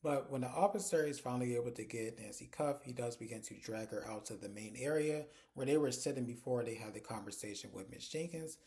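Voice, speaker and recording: A man casually recapping a TV drama episode in a chatty, animated way, retelling scenes through quoted dialogue. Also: medium pitch, brisk, few pauses. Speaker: TV episode reviewer.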